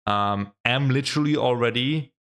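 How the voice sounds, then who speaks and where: A young man hosting a reaction vlog, chatting casually and gushing with excitement, often tossing in "man" and "bro" along with the odd swear word. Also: mid-range voice, normal speed, clean tone. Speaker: reaction video host.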